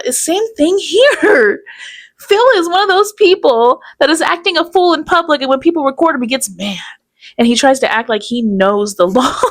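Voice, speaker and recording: A woman talks through a casual reaction commentary in a slightly higher voice. She is chatty and sarcastic and keeps breaking into laughter. She speaks as the host of her own channel. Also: moderate pace.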